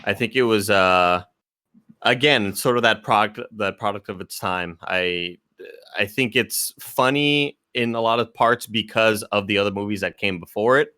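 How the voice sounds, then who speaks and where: Bright-voiced man, halting and hesitant. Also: lowish voice, dry recording, studio quality. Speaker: podcast co-host. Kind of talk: casual podcast chat.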